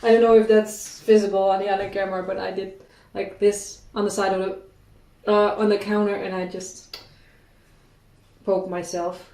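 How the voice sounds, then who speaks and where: A cooking vlogger, a young woman with a warm, level, medium-pitched voice at normal speed, rambles casually as she bakes in her home kitchen. She makes self-deprecating asides and sounds a bit out of breath, recorded on a distant mic in an echoey kitchen with clattering dishes.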